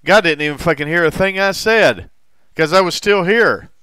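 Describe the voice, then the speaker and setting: A man in recovery telling a personal story in a halting way, with frequent restarts and heavy swearing. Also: sits high, pushed and bright, clear, resonant tone, no echo. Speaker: recovering alcoholic sharing his story.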